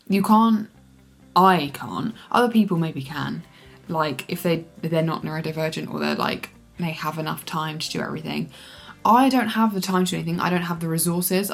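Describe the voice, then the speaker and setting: A woman chatting casually in a reading vlog, expressive and swearing freely as she reacts to her book. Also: lowish voice, gravelly. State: teary from crying. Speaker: booktuber.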